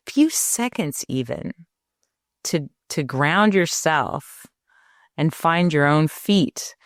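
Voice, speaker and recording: Slow, low-voiced woman co-host. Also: smooth, dry recording, studio quality. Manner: reflective, tells stories with animated quoted voices. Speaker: podcast co-host. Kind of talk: casual parenting conversation.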